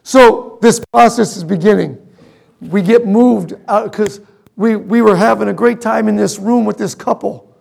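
A middle-aged man preaching a sermon, telling a personal story with emotion, moving between loud emphasis and hushed asides. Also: high-pitched, measured pace, creaky. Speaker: pastor.

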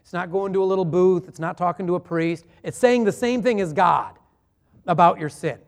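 High-voiced man preaching a sermon. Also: moderate pace. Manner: earnest and conversational, with rhetorical questions. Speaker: pastor.

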